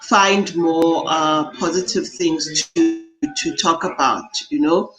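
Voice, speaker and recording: A woman's voice: low voice, slow pace, music in the background, rough recording. A woman life coach speaking as a guest in an interview, earnest and chatty, often saying "you know". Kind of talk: interview chat.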